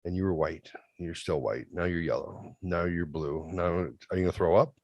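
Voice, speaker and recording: A man in his thirties telling a story in a casual, profane, animated way, swinging between loud outbursts and quiet asides. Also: low-pitched, normal speed, no room sound, dull audio. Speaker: podcast host.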